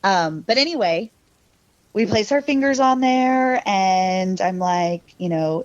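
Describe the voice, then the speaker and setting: A woman's voice: on the low side, slow pace, dry recording. A woman casually telling a personal ghost story on a podcast, rambling with lots of fillers and quoting people in changed voices. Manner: rambling, filler-heavy, laughing; mimics her younger self and cousin in quoted lines. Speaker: podcast guest. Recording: dull, lo-fi, dry sound.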